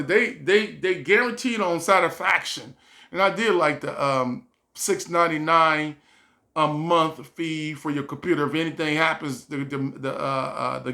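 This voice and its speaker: A man telling a casual storytime vlog, animated and stumbling, repeating words as he goes. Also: high-pitched. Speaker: vlogger.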